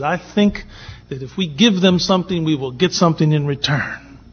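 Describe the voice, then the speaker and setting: A man speaks at a conference panel in a slightly high, husky voice, spinning a personal story and playing out each line of dialogue. The recording is dull and lo-fi, like an old conference tape. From from Boston. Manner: anecdotal, acts out dialogue in quotes.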